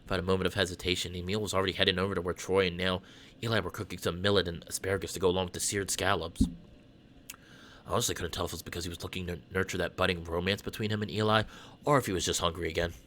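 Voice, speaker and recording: A man voicing a quiet, uneasy young male cat, reading a visual novel aloud in a soft, subdued low voice. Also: level tone, very fast, slight background noise. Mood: narrating.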